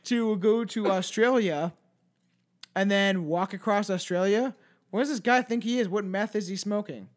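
A man's voice: sits high, normal speed. A man hosting a casual chat, reading out odd news stories in a profane, joking way and stumbling over foreign names. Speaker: podcast host.

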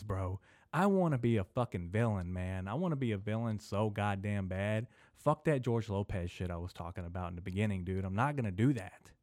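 A young man hosting a casual solo podcast, rambling and swearing, drifting between mumbled asides and loud venting into a desk microphone. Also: lowish voice, lively intonation, moderate pace, no echo, studio quality. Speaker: podcast host. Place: small indoor room.

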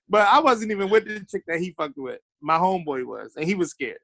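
A man's voice: sits high, lively intonation, normal speed, gravelly, fairly bright tone, no echo. Man telling stories, dry sound. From Baltimore. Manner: loose storytelling, acts out quotes. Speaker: podcast guest. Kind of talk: casual chat.

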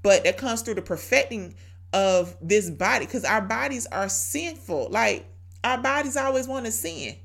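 A woman with a fairly high voice hosts a devotional podcast. She talks in a casual, preachy way, pressing her points with rhetorical questions. She repeats her key phrases for emphasis. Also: animated, moderate pace, gravelly. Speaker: podcast host.

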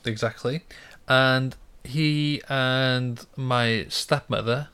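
A man's voice: mid-range voice, fairly even intonation, drawn-out words, bright, forceful tone, clean tone. A young man chatting casually, hesitant, stumbling and repeating words as he tells a story. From Britain. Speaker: podcast co-host. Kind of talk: casual chat.

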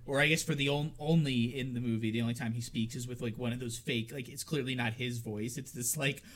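A man co-hosting a casual horror movie podcast, chatty and quick to laugh, with lots of filler words. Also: mid-range voice, steady tone. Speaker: podcast co-host.

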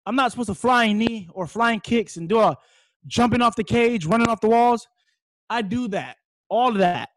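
A young man from Hawaii, his voice high and light, talks at a moderate pace through his fighting history in a relaxed interview. Excitable and rambling, he occasionally bursts into loud shouts, recorded close and dry without any room sound.

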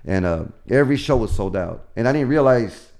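A man's voice: mid-range voice, lively intonation, fairly quick, darkish tone. A middle-aged man, a stand-up comedian, telling stories in casual chat, acting out the voices of the people he quotes and swearing freely.

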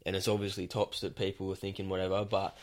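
A man's voice: low voice, completely flat delivery, fast talker, slight background noise. A young man with an Australian accent, hosting a casual podcast chat from a shed, rambling and swearing freely. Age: young adult. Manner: rambling, swearing, laughs easily. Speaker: podcast host.

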